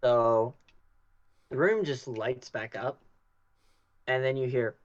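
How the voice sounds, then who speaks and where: A man's voice: medium pitch, slow pace, muffled recording. A man running a tabletop game as game master, narrating and teasing his players.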